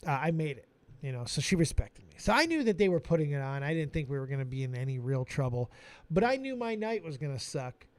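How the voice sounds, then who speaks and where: A man's voice: a little high, fast. A man hosting a live stream who tells a comic story with heavy swearing. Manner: animated, swearing a lot.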